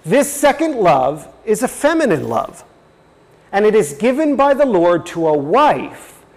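High-voiced man teaching in a hall. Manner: explaining, reads passages aloud, chuckles. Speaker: presenter. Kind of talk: religious teaching talk.

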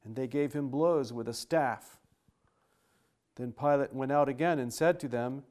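A man reading scripture aloud in a steady, formal style with archaic wording. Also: mid-range voice, unhurried.

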